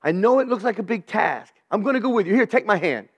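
A man preaching voices God as a gentle, coaxing comforter reassuring a frightened child, repeating soothing phrases in a sermon. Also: high voice, lively intonation, fast talker, husky, voice pushed up, heavily acted. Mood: tender reassurance.

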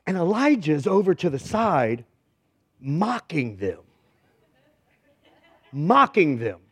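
Joking male pastor, high voice, dry close sound, conversational and emphatic. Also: big pitch swings, takes it slowly, fairly bright tone, husky, dry recording. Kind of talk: humorous sermon.

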